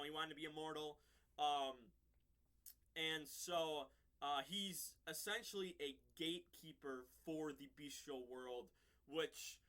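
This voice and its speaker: A man's voice: on the high side, bright, forceful tone. A young man casually recapping a TV episode, rambling with many ums and restarts. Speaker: reviewer.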